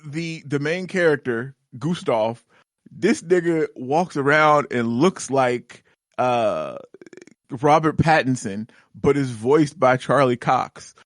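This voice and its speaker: A man in an easygoing gaming podcast chat, talking in loose, rambling sentences full of restarts. His voice sits at a middling pitch and is recorded close and dry, with no room sound. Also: takes it slowly, no echo. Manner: rambling, lots of fillers and restarts, laughs easily. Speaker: podcast co-host.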